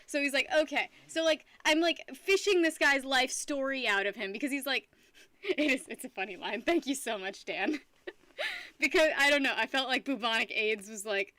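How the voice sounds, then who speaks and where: A young woman chats with her stream audience in a high, bright voice. She tells stories in a rambling, animated way and laughs often. The sound is dry and close, with little room echo. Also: normal speed. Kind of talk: casual chat with live stream viewers.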